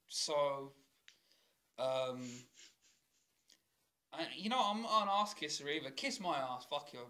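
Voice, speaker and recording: A man's voice: on the high side, a bit bright. A young man with a London working-class accent, co-hosting a podcast in rambling, sweary casual chat and laughing often. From South London. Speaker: podcast co-host.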